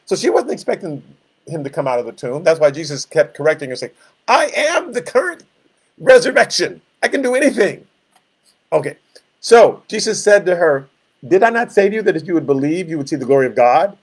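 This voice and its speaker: A man leading a Bible study, reading scripture aloud and breaking it down with casual, conversational asides. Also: fairly high pitch. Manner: reads scripture then explains it in casual asides. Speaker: pastor.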